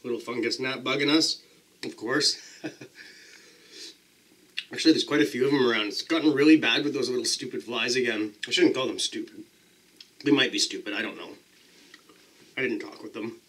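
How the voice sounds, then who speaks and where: A man's voice: mid-range voice, normal speed, pauses often, a bit bright. A man casually talking to the camera as a pepper-eating vlogger, chatty and self-deprecating, describing the burn as it builds.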